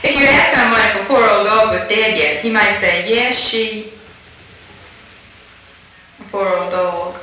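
Patient woman interviewer, bright voice, echoey. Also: medium pitch, measured pace, pauses often, recorded from a distance. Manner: patient, prompting with fill-in questions. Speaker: dialect fieldworker. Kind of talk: structured elicitation interview. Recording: very echoey room, faint hiss, off-mic.

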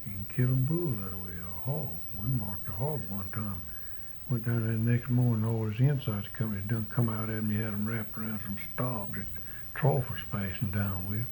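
An older man talks in a fairly low voice. He answers in short, plainspoken, drawling bits. A faint hiss sits underneath. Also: moderate pace, dark tone, poor audio. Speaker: interviewee. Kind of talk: casual rural dialect interview.

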